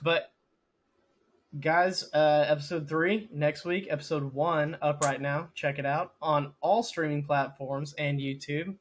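A man's voice: fairly high pitch, fairly even intonation, a little slow. A young man co-hosting a podcast, chatting casually and chiming in with short remarks. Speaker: podcast co-host. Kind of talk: casual chat.

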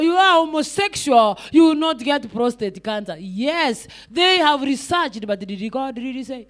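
A woman's voice: high-pitched, lively intonation, measured pace, few pauses, fairly bright tone. A woman evangelist preaching a sermon, repeating rhetorical questions and calling out to the congregation.

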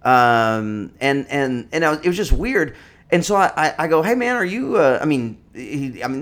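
Thirtysomething guy telling a long story, rambly, lots of likes and ums. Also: medium pitch. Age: 30s. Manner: rambling, many fillers and restarts. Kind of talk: casual storytelling.

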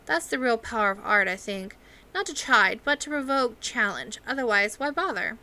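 A woman voicing a blunt, thoughtful young woman outcast who talks in a low, confiding way in an audiobook reading. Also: animated, normal speed, sharp tone. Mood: earnest.

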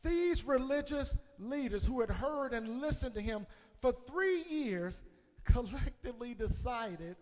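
A man preaching a sermon as pastor, calling on the congregation and swinging between shouted peaks and hushed low passages. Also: animated, a little slow. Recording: long hall reverb.

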